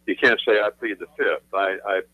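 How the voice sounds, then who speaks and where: A man's voice: fairly low pitch, moderate pace, no room sound. A man, an attorney guest on a radio talk show, explaining his views in an emphatic, lecturing way and repeating phrases for stress. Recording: tinny phone line, dry.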